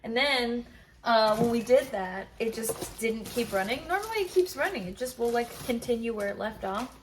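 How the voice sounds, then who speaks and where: A woman's voice: a little high, lively intonation, normal speed, slight background noise. A woman co-hosting a casual podcast from her home kitchen, laughing often and swearing casually. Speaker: podcast co-host. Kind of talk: casual chat.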